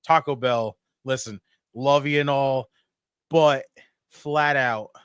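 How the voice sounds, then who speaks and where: A man hosting a wrestling watch party, talking loosely and swearing as he jokes with the chat. His pitch sits mid-range, and the close, dry mic gives the voice no room sound. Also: slow pace, clear, resonant tone, no room sound. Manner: profane, excitable, jokey. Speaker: podcast host.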